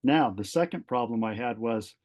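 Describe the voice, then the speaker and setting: A middle-aged retired fire captain from California, speaking at medium pitch and a moderate pace, tells a personal story as a podcast guest. He's an animated storyteller who acts out the quoted dialogue in different voices, with lots of fillers and restarts.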